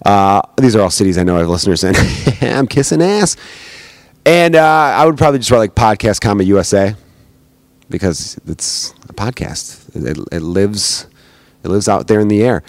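A comedian hosting his podcast alone, with a slightly low man's voice. He rambles in loose, profane, joking banter as if chatting at a bar. The sound is dry and close on a home podcast mic. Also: expressive, brisk, dry recording. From United States. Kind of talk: casual solo podcast chat. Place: home recording in Chicago. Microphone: podcast microphone.

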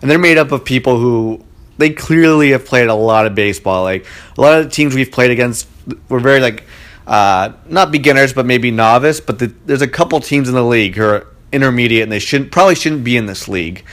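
A man's voice: mid-range voice, a little fast, fairly bright tone. A man telling a story in a casual monologue at home in his living room, talking in a chatty and indignant way. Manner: chatty, indignant, frequent "like" fillers.

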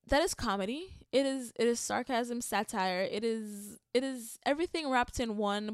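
A woman's voice: mid-range voice, no room sound, studio quality. A young Jamaican woman hosting a podcast alone, talking in a rambling, candid way with lots of swearing and laughs. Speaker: podcast host. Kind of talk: casual solo podcast monologue.

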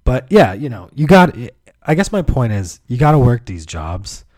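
A man's voice: mid-range voice, big pitch swings, normal speed, a little mellow, dry recording, studio quality. A man hosting his own podcast, telling rambling, profane stories in a laid-back way. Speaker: podcast host. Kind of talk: casual comedic storytelling.

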